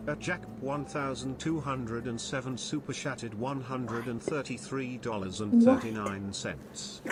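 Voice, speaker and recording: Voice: mid-range voice, a little slow, over a noisy crowd. Synthetic text-to-speech donation reader. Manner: flat synthetic reading. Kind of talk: reading out donation messages.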